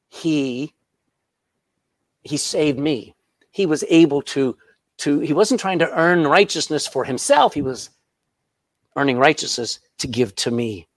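Preaching with emphatic energy, a male pastor's high voice rises and falls widely as he hits key words hard and repeatedly puts questions to the congregation. The recording is dry and close, without any room sound.

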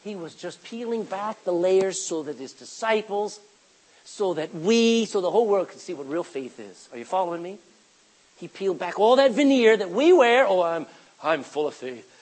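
This preacher's high, husky voice fills the church as he delivers a lively sermon at a moderate pace, acting out the people in his anecdotes. The recording is of poor quality.

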